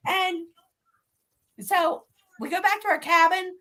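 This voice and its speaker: A woman guest telling a story in a lively way, laughing often and acting out what people said. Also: very high voice, slow. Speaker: guest psychic medium. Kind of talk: animated storytelling.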